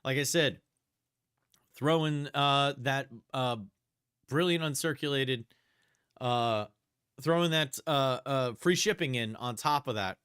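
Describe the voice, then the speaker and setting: A man hosting a live-stream coin auction, describing banknotes and coins and calling bids in a steady, chatty auction chant. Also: medium pitch, takes it slowly, pauses often, smooth.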